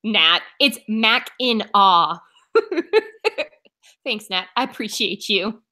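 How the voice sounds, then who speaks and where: A woman's voice: medium pitch, takes it slowly, sharp tone. A woman from Oklahoma co-hosting a book club live stream, chatting casually and reacting to viewer comments.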